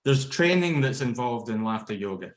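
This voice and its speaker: A man of middle pitch teaches laughter yoga over a video call. He is energetic, chants ho-ho-ha-ha-ha, laughs freely and checks in with "okay?" after each point. The sound carries a roomy echo. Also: normal speed. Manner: keeps checking in with "okay?" and "yeah?". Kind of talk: instructional talk with demonstrations.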